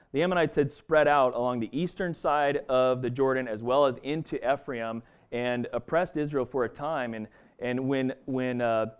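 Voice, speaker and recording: Speaking in a clean, mid-range voice, a man walks through a Bible passage in a relaxed, conversational way. He keeps restarting his sentences and uses plenty of fillers in this casual study.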